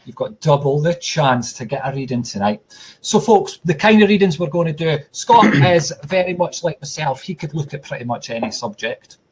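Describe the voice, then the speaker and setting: A man's voice: on the high side, animated, moderate pace, darkish tone, husky. A man hosting a casual live stream as a psychic medium, chatty and joking, addressing viewers as folks from a tablet at home. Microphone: tablet device.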